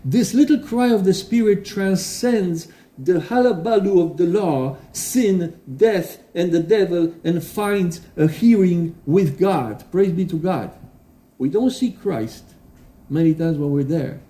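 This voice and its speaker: A man preaching a sermon in a church, earnest and halting, with restarts and fillers, reading quotations aloud with emphasis. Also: high voice, mellow. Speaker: pastor. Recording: roomy echo.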